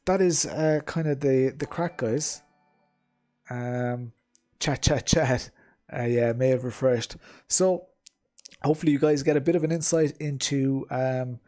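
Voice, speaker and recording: A man hosts his own sim racing livestream in an easygoing, rambling way, often pausing on um and uh. His voice sits at an ordinary middle pitch for a man. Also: warm tone. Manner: chatty, rambling, lots of ums and uhs. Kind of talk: casual livestream chat while gaming.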